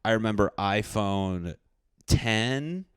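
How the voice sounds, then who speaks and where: A man's voice: lowish voice, animated, takes it slowly, clear, resonant tone, no echo, clean studio sound. A young man hosting a casual podcast, rambling through jokes and rants in a self-deprecating way. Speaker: podcast host. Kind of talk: casual comedic podcast rant.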